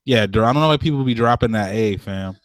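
A man's voice: lowish voice, fast talker, no echo. A man co-hosting a casual chat, talking in slang, swearing freely and laughing often.

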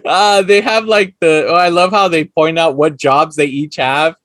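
A man's voice: fairly high pitch, steady tone, normal speed, fairly bright tone, dry recording, studio quality. Laid-back male podcast host. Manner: laid-back, laughs often. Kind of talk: casual podcast chat.

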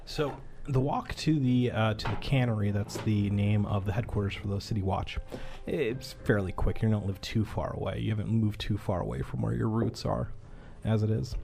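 A man narrating as game master of a tabletop role-playing game, in a relaxed, measured way with fillers. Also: lowish voice, vocal fry, soft background music.

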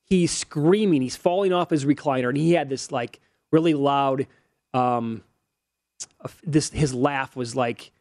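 A man's voice: medium pitch, a little slow, a little mellow, no room sound. A man in his forties, co-hosting a sports betting show and working through odds and stats in casual chat. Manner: analytical, rattles off odds and stats.

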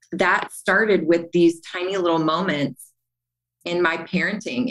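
The audio is rough, but this middle-aged podcast guest comes through in a lowish voice as she candidly recounts her story. She's earnest and lively, acting out each quote.

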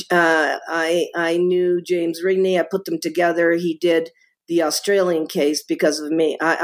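A middle-aged woman, a guest author in a podcast interview, talking with passion and emphasis, often repeating words and restarting. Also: on the low side.

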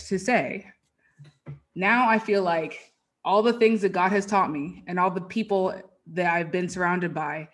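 A woman guest on a podcast, talking earnestly and casually about her faith and purpose, with a lot of "like" fillers. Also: on the low side. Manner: earnest and faith-driven, peppered with "like". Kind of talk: casual interview chat.

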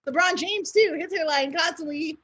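A woman's voice: extremely high pitch, normal speed, a loud crowd. A woman chiming in on a casual podcast with gossip and news. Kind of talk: casual chat.

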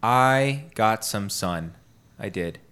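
A man's voice: lowish voice, expressive, takes it slowly, a bit bright, clean tone. A man hosting a podcast in casual chat, well spoken, with a salesman-like delivery on ad reads. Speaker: podcast host.

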